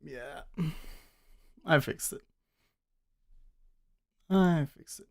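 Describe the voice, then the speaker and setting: A man hosting a live trading stream, musing to himself in an unhurried drawl. He thinks aloud in casual commentary and answers chat along the way. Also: a little high, gravelly, a little mellow.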